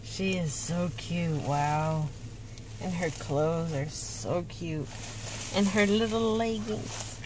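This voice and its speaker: A woman's voice: fairly low pitch, slow pace, background noise. A woman vlogger unboxing reborn dolls in casual chat, gushing and cooing as she talks.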